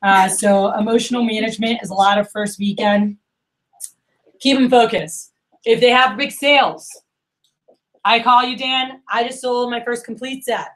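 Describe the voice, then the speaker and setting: A young woman leading a sales training workshop, talking fast and acting out little exchanges with her reps. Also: on the high side, low-quality recording. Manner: animated, acts out quoted dialogue.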